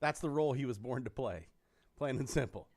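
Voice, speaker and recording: A male podcast host telling stories in casual chat, animated and swearing often. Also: mid-range voice, brisk.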